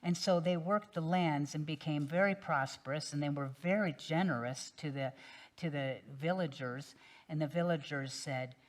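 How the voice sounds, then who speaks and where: A woman minister telling a parable during a sermon in a relaxed, gentle storytelling manner. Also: deep voice, normal speed.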